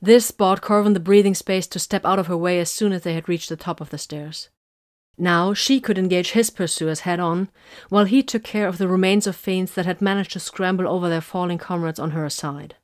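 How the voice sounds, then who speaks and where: A woman narrates a fantasy action story in a steady, measured way. Her voice sits somewhat low. The recording is dry and close, with no room sound. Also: no room sound. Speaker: audiobook narrator. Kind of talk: scripted narration.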